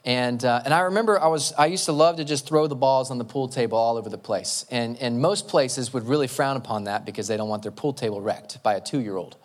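A pastor, a man in his thirties, telling personal stories in a relaxed, conversational sermon at his church, with frequent restarts. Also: mid-range voice, brisk, few pauses.

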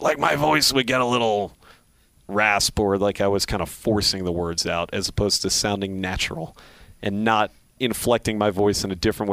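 Middle-aged male sportscaster, faint Philly accent, low voice, dry close mic, thoughtful and halting. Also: a bit bright, dry recording. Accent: faint Philadelphia. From Philadelphia. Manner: reflective, many restarts and fillers. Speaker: sports play-by-play broadcaster. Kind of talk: casual interview talk.

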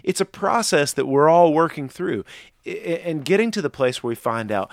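A man's voice: a little high, sing-song, moderate pace, no echo, studio quality. A man talking earnestly in a faith podcast discussion, rambling with restarts and strong emphasis.

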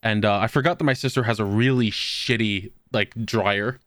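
A man's voice: on the low side, fairly even intonation, moderate pace, a bit bright, dry recording, studio quality. A young man chatting casually, telling rambling, profane stories with bursts of laughter. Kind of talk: casual chat.

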